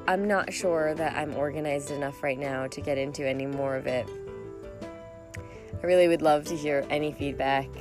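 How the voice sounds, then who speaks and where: A woman hosting a solo podcast, talking in a rambling, reflective way and laughing often. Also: low voice. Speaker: podcast host. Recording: music playing behind.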